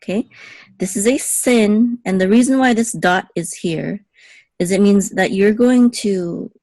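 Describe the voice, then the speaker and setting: A woman's voice: medium pitch, unhurried, warm tone, dry recording. A woman teaching Hebrew reading one-on-one, patiently explaining each letter and vowel and checking in with her student. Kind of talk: one-on-one lesson.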